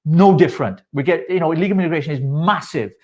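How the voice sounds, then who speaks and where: A Welsh man co-hosts a live chat show in a relaxed, bantering way. He jokes easily and often pokes fun at himself. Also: fairly high pitch, fast talker. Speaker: co-host.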